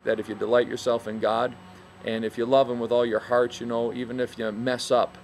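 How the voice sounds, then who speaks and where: A man's voice: mid-range voice, level tone, brisk, gravelly, soft background music. A middle-aged man, a minister, tells a folksy story as a casual devotional talk, full of "you know" fillers, from a bed and breakfast.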